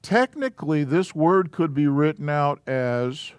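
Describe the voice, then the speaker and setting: A man teaching a Hebrew alphabet class in a church classroom, explaining slowly and casually. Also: fairly high pitch, clear, resonant tone, no room sound.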